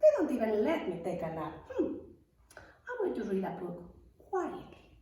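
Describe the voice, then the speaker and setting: A grumpy little quarter rest who only wants peace and quiet, fussing about the noise and hushing everyone, as a woman puts him on. The voice jumps high and low in a bright, childlike way. It sounds echoey, from a mic set back in the room. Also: wildly swooping pitch, a little fast, distant mic. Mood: fussy. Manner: fussy, complaining, hushing.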